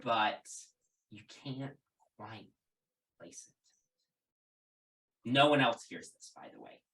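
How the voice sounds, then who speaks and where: A man running a tabletop game as game master, talking in a halting way with many ums and restarts. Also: medium pitch, fairly even intonation, a bit bright, echoey room, poor audio. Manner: hesitant, full of ums and restarts.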